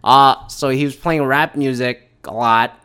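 A young man rants in loose, rambling podcast chatter, his pitch sitting in an ordinary middle range. He swears often and keeps breaking into lively quoted asides. The talk is casual and unscripted. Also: unhurried, a little hiss or hum. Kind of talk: casual ranting commentary.

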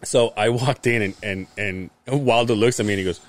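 With a lowish voice at a moderate pace and no echo, a young man hosting a podcast tells a laid-back story. He's animated, swears freely, and acts out what everyone in it said.

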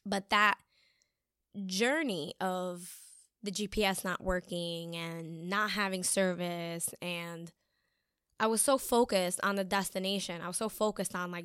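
A woman's voice: fairly low pitch, steady tone, unhurried, a bit bright, smooth, no room sound, studio quality. A young woman talking casually, telling a personal story with lots of fillers and acted-out quotes. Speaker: speaker sharing a life lesson. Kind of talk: casual reflective monologue.

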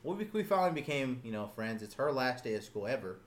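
A young man tells a story to friends, fast and medium-pitched, with a little hiss or hum on the recording. He's animated, swears freely, and loudly acts out voices while laughing.

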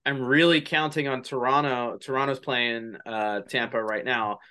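A man co-hosting a relaxed chat at an ordinary pitch. He drops short, dry quips between the others' longer stretches. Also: normal speed, clear, resonant tone. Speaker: podcast co-host. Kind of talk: casual chat.

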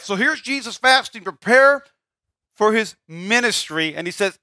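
A man preaching a sermon, his voice sitting high and ringing bright. He pushes lines out with emphasis, then drops to a near hush. The sound is dry and close, with no room around it. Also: expressive, normal speed, no echo. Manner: emphatic, swings from loud to quiet. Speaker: pastor.

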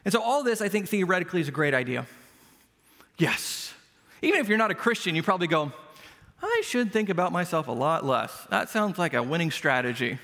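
A man with a high, light voice delivers a relaxed, conversational sermon. His words ring out with a long reverb through the church sanctuary. He makes his points with self-deprecating everyday stories. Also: a little fast, gravelly. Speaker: pastor.

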